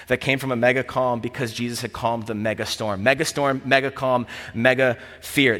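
A man preaching a sermon as pastor, telling the story vividly with repeated phrases and dropping to a hushed voice at key moments. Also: medium pitch, long reverb tail.

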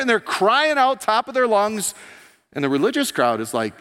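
A man preaching a sermon as pastor, telling the story in an animated way and acting out the characters. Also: moderate pace, clean tone. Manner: animated storytelling, voicing characters with rising pitch and volume. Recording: long hall reverb.

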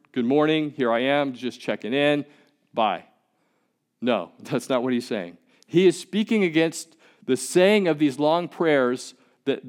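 A pastor giving a sermon in a conversational, emphatic way, often repeating words as he goes. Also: fairly high pitch.

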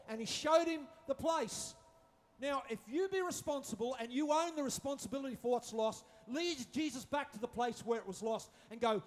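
A man with a very high-pitched voice preaches a sermon at a brisk pace. He's humorous, joking with his listeners, acting out quotes, and repeating his phrases.

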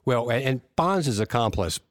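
A man, a lawyer who is a guest on a podcast, answering questions in a measured, thoughtful way. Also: medium pitch, expressive, no echo, clean studio sound. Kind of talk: interview conversation.

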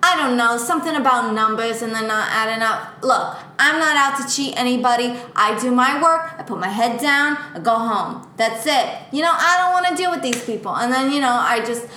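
A woman playing an anxious, doting mother in an improvised comedy scene, fussing and breaking into sudden high-pitched outbursts. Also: expressive, moderate pace, hardly any pauses, sharp tone, echoey room, a little hiss or hum. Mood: weary. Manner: fretful, fussing, exclaims in sudden high bursts. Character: doting, anxious middle-aged mother, easily upset.

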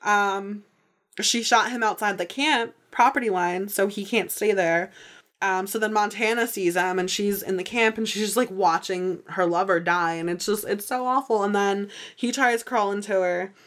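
A podcast host recaps a TV episode in a casual, chatty way, getting excited easily. She uses "like" constantly and breaks into quick impressions acting out the characters' lines, her voice at an ordinary middle pitch.

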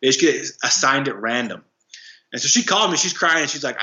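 A young man tells his story in a halting, restart-heavy way with a bright, forceful voice. His sound is roomy and a little dull and lo-fi. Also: mid-range voice, animated. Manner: halting, many fillers and restarts. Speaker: guest, anti-trafficking worker. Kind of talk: casual storytelling interview.

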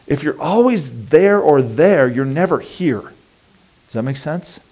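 Male pastor, relaxed talky sermon delivery, slips into quick imitations of worried thoughts. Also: fairly high pitch. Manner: conversational and animated, acting out inner voices.

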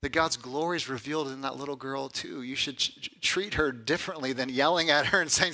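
Bright-voiced man preaching a sermon. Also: mid-range voice, a little fast, few pauses. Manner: conversational preaching, often adds "right?"; builds to loud emphatic lists. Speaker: pastor.

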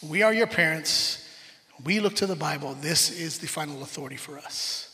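Pastor, male, forties; animated, story-driven sermon with a bright, cutting tone, caught in a reverberant sanctuary. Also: on the high side, normal speed. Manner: animated storytelling, acts out family scenes. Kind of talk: conversational sermon. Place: church sanctuary. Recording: reverberant hall.

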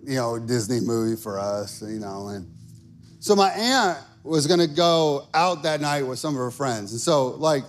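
A man's voice: mid-range voice, lively intonation, measured pace, soft background music. A man in his thirties preaching a sermon, telling stories with lots of fillers and building to emphatic calls. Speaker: pastor.

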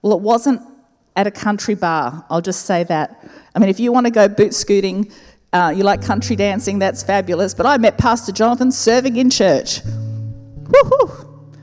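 A woman, a pastor telling a personal story in a sermon, expressive and slowing down to repeat key words. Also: medium pitch. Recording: reverberant church hall with faint music.

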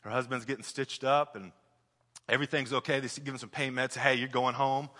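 Bright-voiced pastor in a reverberant hall. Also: male voice, medium pitch, fairly quick. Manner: animated storyteller, builds up loudly then drops soft. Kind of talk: sermon.

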